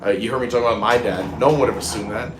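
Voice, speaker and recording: A man's voice: on the low side, fairly even intonation, racing, roomy sound, noisy background. Earnest man on a theme park stream. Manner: earnest, heartfelt, rambling. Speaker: live stream host. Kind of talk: casual live stream sign-off. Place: outdoors on a theme park gondola ride.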